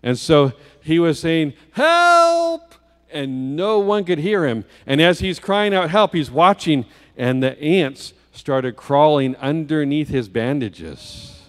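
A man with a slightly high voice tells a story from the pulpit. He builds the scene with vivid detail and questions to his listeners. His words hang in the long reverb of a church hall. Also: slow. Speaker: guest preacher. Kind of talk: children's story sermon. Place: church sanctuary.

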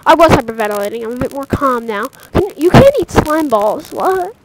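A young woman commenting on her own gameplay in casual chat, excitable, yelping and tossing out silly mock curses. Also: high voice, a little fast. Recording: noisy home mic recording.

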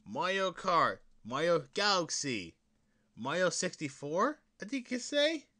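On his casual solo podcast, a young man speaks in a bright, forward, unhurried voice with lots of bounce in pitch. He rambles, laughs, restarts sentences and curses freely, with sudden loud bursts. His excited fan talk swings into mumbled, muttered and whispered asides.

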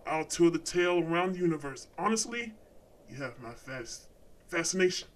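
A man voicing an ancient, hungry male snow deity in a horror game, speaking in a slow, gloating, theatrical way with whispered asides. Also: fairly high pitch, expressive, natural voice. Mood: menacing. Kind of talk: horror game villain monologue.

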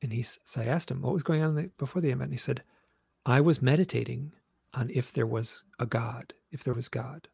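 A man, a guest author, telling stories in an animated, rambling way with many restarts. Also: medium pitch, fairly quick, vocal fry, slightly rough, dry recording. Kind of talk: storytelling interview chat.

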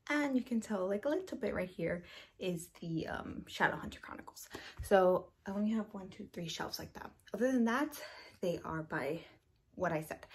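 Young woman in her 20s rambling through a shelf tour, lots of likes and ums, mellow warm voice. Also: medium pitch. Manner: chatty, rambling, many fillers. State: slightly out of breath. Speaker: book vlogger. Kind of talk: casual bookshelf tour.

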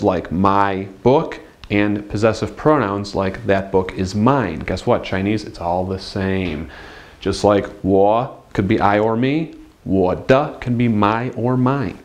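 A man teaching a beginner language lesson in an upbeat way, drilling words slowly and repeating each one. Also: lowish voice. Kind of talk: classroom-style language lesson.

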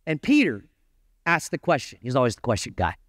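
A male pastor preaching a sermon, moving between conversational asides to the congregation and impassioned stretches with big emphatic rises in pitch. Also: wildly swooping pitch, a little fast, fairly bright tone, no room sound, studio quality.

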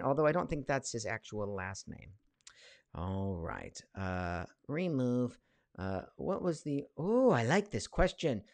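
A man's voice: medium pitch, big pitch swings, slow pace, a little mellow, no room sound. A man in his forties, a voice actor, chatting casually on a live stream from his home studio, reading viewer questions aloud with lots of fillers. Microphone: studio mic.

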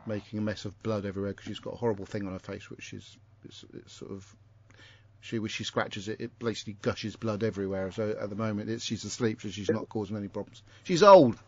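A man's voice: fairly low pitch, quick pace, a little mellow. Rambling southern English man, dull lo-fi sound. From Isle of Wight. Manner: rambling, self-correcting, chatty. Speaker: podcast host. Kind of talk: casual chat. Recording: dull lo-fi home recording.

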